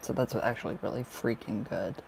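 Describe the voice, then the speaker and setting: Gravelly-voiced man doing a tarot livestream. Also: medium pitch, brisk, a little hiss or hum. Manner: warm, gushing, laughs often. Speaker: tarot reader. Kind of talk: casual livestream chat.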